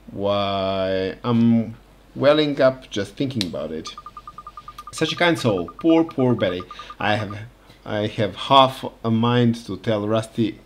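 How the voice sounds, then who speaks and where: A man's voice: fairly low pitch, a little hiss or hum. A man reading the lines of a chatty, nosy old woman neighbour in a video game, in a confiding, gossiping manner.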